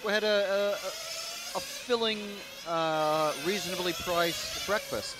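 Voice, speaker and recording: Over a noisy background at an outdoor racetrack, a man with a high voice speaks slowly. Standing trackside, he gives casual, chatty live race commentary that rambles and is packed with fillers.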